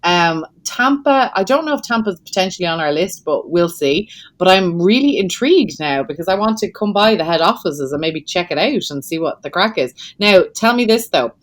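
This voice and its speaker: A middle-aged Irish woman hosting a podcast, chatting casually and laughing often, her sentences trailing off softly. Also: on the low side, animated, moderate pace. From Ireland. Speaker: podcast host. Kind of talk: casual interview chat.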